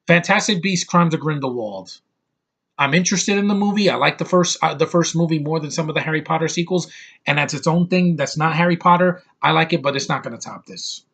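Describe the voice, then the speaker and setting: A young man rants through an over-the-top movie review with brash, swearing energy. His voice is slightly high for a man, with a gravelly fry and a husky edge. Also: a little fast, fairly bright tone.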